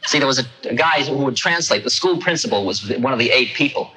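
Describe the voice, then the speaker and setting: A man's voice: medium pitch, animated, quick pace, bright, forceful tone, a little hiss or hum, rough recording. A man in his thirties from the United States, giving a lecture as a wry, conversational storyteller in a 1969 recording. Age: 30s.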